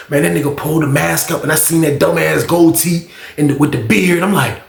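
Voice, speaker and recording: Man, storyteller, gravelly and fairly high voice, animated and profane, recorded with a roomy echo. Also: normal speed. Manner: animated, profane, talks straight to viewers. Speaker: storyteller, channel host. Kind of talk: casual prison storytime.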